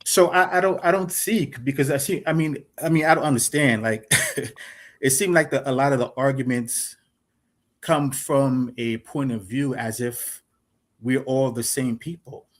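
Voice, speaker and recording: A man from South Carolina with a Gullah Geechee accent, calling into a live-stream debate, halting at first and then defensive and loud. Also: medium pitch, steady tone. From Charleston, South Carolina. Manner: hesitant, then raises his voice defensively. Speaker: caller.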